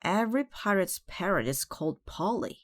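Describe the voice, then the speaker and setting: A woman reading the lines of a gentle but stubborn pirate first mate in a children's storybook, in a lifted, pert tone. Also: medium pitch, sing-song, moderate pace, pitched above the performer's own voice, lightly acted.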